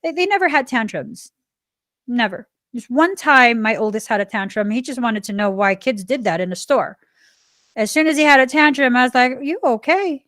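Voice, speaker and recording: A woman in her forties hosts a spiritual self-help podcast in a fairly high voice. She talks earnestly and leans on key words, then eases into a softer, reflective tone. The sound is close and dry. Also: lively intonation, normal speed, no echo. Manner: earnest and emphatic, stressing key words, sometimes dropping to a soft reflective tone. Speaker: podcast host.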